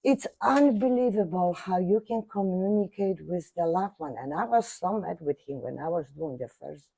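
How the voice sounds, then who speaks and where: An older woman telling a personal story in animated fashion, acting out other people's voices, with non-native grammar. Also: lowish voice, normal speed, gravelly, husky, dry recording. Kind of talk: animated anecdote.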